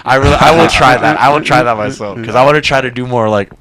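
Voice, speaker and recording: A young man hosting a casual comedy podcast, animated and laughing, bursting into shouts and put-on voices. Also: medium pitch, fast, crowd noise. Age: young adult. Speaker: podcast host.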